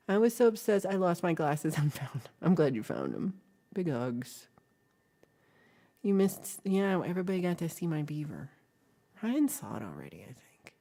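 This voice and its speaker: A woman with a low, mellow voice hosts a casual livestream chat. She is playful and giggly and slips into whispers as she talks straight to her viewers. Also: animated, normal speed. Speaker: livestream host.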